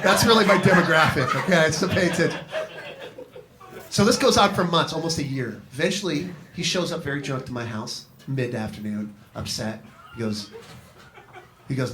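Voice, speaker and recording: At a comedy venue, a man on a live advice panel tells comedic stories, profane and rambling, his voice swinging up and down as he keeps turning to address the person who asked. His voice is on the high side and fairly quick. The live recording picks up background noise and the crowd's laughter.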